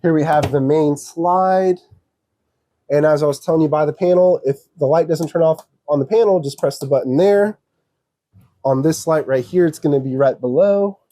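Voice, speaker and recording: A man from an RV dealership walking viewers through a trailer, explaining each control in a steady, practical, step-by-step way. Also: fairly high pitch, normal speed, no echo. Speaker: RV dealership salesperson giving a walkthrough. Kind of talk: casual walkthrough demonstration. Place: outdoors around an RV, then inside it.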